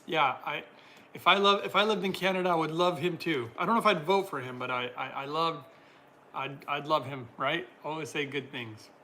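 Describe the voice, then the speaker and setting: A man chats casually on a livestream at normal speed, reading out comments from viewers and replying to each with frequent laughs. His voice is a little high, very bright and forward, with faint room noise hissing beneath it.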